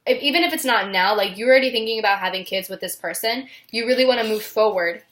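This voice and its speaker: A woman's voice: a little high, fast, fairly bright tone. A young woman reading tarot cards in a casual vlog, emotional and giggly, with many fillers. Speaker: tarot reader.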